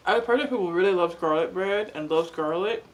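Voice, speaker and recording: A woman's voice: lowish voice, brisk. A young woman in a casual, rambling chat while she eats, using "like" a lot. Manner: chatty, rambling, lots of "like". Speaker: mukbang vlogger.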